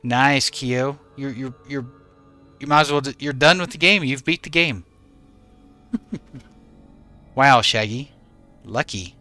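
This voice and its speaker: A game streamer at home in regional Australia chats live with viewers in a bright, clear, medium-pitched voice, speaking slowly with frequent pauses. Easygoing, he greets and thanks chatters by name while faint music plays behind him.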